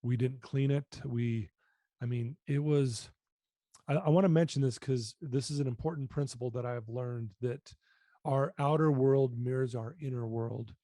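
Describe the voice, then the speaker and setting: Here a middle-aged man opens up on a podcast about his own story, earnest and candid, often repeating himself as he confesses. He talks at a normal speed in a mellow mid-range voice, captured in clean studio sound without echo.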